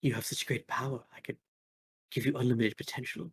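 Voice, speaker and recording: A man voicing the Red Recluse, a seductive female crime boss who speaks softly and coaxingly. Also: fairly even intonation, brisk, slightly rough, dry recording, heavily acted. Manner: soft, low and coaxing.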